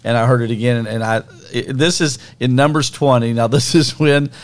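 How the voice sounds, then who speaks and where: A man co-hosting a podcast, telling a Bible story in a casual, animated way and acting out scenes with sound effects. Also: medium pitch, fairly quick. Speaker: podcast co-host. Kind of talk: casual conversational Bible teaching.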